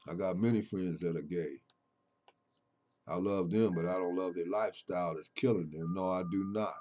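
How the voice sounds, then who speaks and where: A little hiss or hum sits under a man's voice as he, a poet, gives an impassioned monologue on his poems. He is emphatic and sermonizing, moving between loud pronouncements and low, confiding murmurs.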